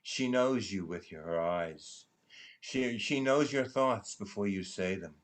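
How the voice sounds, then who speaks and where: Man, deep low voice, unhurried, dramatic poetry recitation, hushed trailing line endings. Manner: hushed, trailing into near-whispers at line ends. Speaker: poetry reader at a benefit concert. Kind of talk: slow dramatic recitation of a prose poem.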